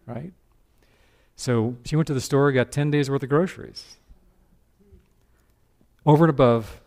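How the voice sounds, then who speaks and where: A man preaching a sermon as pastor, animated, breaking into character voices. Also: mid-range voice.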